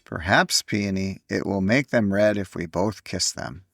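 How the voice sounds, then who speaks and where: A man's voice: low-pitched, unhurried, gravelly, fairly bright tone, no echo, clean studio sound, heavily acted. A man voicing a little girl in a storybook reading, earnest and explaining things with grave wisdom. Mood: eager. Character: little girl, eager and wise beyond years.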